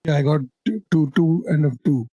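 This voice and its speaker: A player in a tabletop game, talking casually and haltingly through their moves. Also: medium pitch, dark tone, breathy edge, no room sound. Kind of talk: tabletop role-play.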